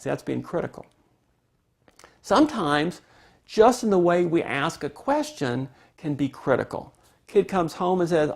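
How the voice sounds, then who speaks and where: A man teaching a parenting lesson, calmly explaining and acting out what parents and kids say. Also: a little high, unhurried, creaky. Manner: calm, explanatory, acts out parent and child quotes. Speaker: parenting instructor.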